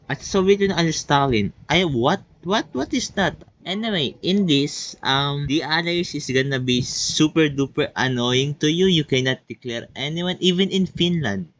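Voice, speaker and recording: A man who speaks English as a second language, giving excitable casual gameplay commentary full of oohs and counting aloud. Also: on the high side, dull audio. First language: not English. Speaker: gameplay video creator.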